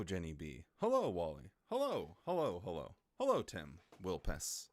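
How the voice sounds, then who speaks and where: A man chats casually on his livestream, reading out viewer greetings with a playful, lively voice. The sound is close and dry, with no room echo. His pitch swings up and down as he talks. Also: unhurried. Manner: playful and chatty, greets chat viewers one by one. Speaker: livestream host. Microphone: desktop microphone.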